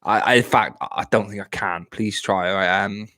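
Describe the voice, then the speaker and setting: A man's voice: on the low side, fairly even intonation, a little fast, bright, forceful tone. A young man from Plymouth, chatting casually on a live stream at home, often stammering and repeating words. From Plymouth, England.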